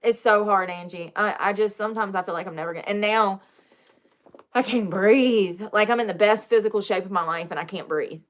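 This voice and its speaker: A young woman with a drawl talks casually to her viewers as she does her makeup. She is chatty and confessional, cracking jokes and laughing often at herself, with a voice of middling pitch. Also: brisk. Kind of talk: casual live-stream chat.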